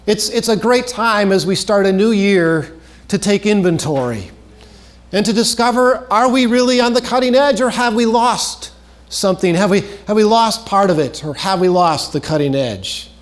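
A man preaching a sermon in an earnest way, repeating key phrases and dropping his voice low at the ends of phrases. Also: moderate pace.

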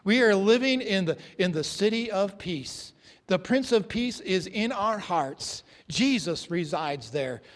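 High-voiced preacher in a reverberant hall. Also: male voice, lively intonation, a little slow. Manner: earnest, emphatic preaching with dramatic drops to a hush. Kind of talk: sermon. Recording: long reverb of a large hall.

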